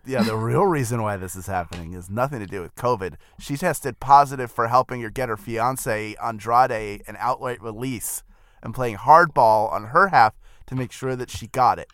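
A man's voice: medium pitch, moderate pace, a bit bright, no room sound. Musing man on a dry close mic. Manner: musing, hedging, talks through ideas aloud. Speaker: podcast co-host. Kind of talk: casual chat.

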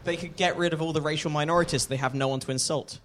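A man from the United Kingdom, a contestant on a live comedy panel, answering with quick, dry quips. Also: a little high, steady tone, heavy background noise.

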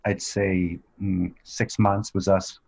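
A man, a podcast guest, telling stories in a relaxed chat full of fillers and restarts. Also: low-pitched, slow, gravelly, slightly rough. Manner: relaxed storytelling with many fillers. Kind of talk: casual interview chat.

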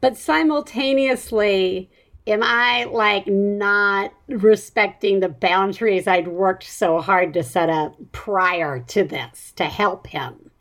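A woman's voice: mid-range voice, slow pace, a bit bright. A woman hosting a parenting podcast in casual chat, rambling and self-mocking and often laughing as she talks. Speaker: podcast host.

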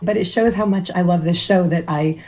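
A woman guest on a podcast, hoarse from bronchitis, talking in an effusive, candid way. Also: fairly low pitch, a little fast, darkish tone. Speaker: guest expert. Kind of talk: casual chat.

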